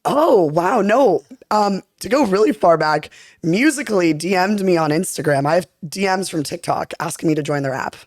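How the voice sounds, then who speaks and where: Playful woman telling quick stories. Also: fairly low pitch, no room sound, clean studio sound. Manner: playful, animated storytelling with put-on voices. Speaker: podcast guest. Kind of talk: casual chat.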